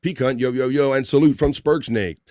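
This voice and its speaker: A man hosts a casual live talk stream and reads viewer comments aloud. He talks in a loose, rambling way, full of "uh" and "like." His voice sits in a middle pitch and sounds close and dry. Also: brisk, dry recording. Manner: relaxed, rambling, many fillers. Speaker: livestream talk show host.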